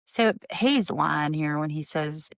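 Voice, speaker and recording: Lady podcaster recapping reality tv, low voice, blunt and fed up, dry close sound. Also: slow pace, gravelly, no room sound. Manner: blunt and indignant, openly judging. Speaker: podcast host. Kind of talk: casual reality-TV recap commentary.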